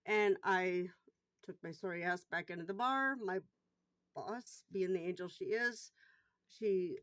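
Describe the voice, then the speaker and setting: Speaking a little slowly in a lowish voice, a middle-aged woman who works in a bar shares a personal story for a casual vlog. Her delivery is blunt and full of swearing, and she gets loud and heated as it goes; there's no room sound.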